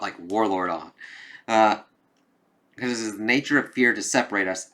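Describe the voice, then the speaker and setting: A man's voice: lowish voice, moderate pace, fairly bright tone. A man giving a casual, rambling comic book review, swearing now and then. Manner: rambling, loose, with swearing and filler phrases.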